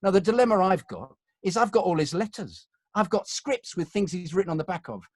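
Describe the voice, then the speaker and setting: A man's voice: high voice, lively intonation, fairly quick, a little mellow, no room sound, studio quality. A middle-aged British man, a voiceover artist, telling chatty, self-mocking anecdotes and acting out the lines he quotes. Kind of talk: conversational anecdotes.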